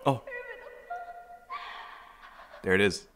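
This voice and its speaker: A man giving excited, casual commentary while playing a video game, often laughing and exclaiming. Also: very slow, a little hiss or hum. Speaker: gaming video creator.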